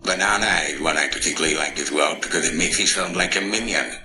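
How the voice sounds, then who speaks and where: A booming deep AI narrator. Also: male voice, quick pace, pushed and bright, exaggerated voice. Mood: demonstrating. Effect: AI voice changer.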